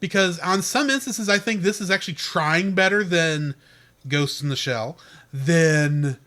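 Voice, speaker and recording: A man co-hosting a film review podcast with a bright, clear tone and a slightly raised pitch. He talks in an eager, casual way, often cutting in when excited about his point. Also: unhurried. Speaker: podcast co-host. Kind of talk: casual movie review chat.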